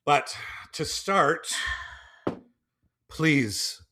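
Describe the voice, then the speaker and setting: A man's voice: a little high, animated, extremely slow, background noise. A man hosting a podcast, telling a folk tale and then chatting loosely with fillers and jokes. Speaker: podcast host. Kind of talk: storytelling narration and casual chat.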